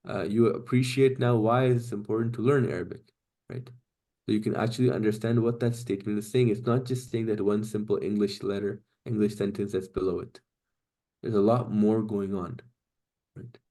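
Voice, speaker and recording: A man teaching Quranic Arabic grammar in a class, explaining patiently step by step and reciting Arabic phrases quickly. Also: fairly low pitch, steady tone, mellow.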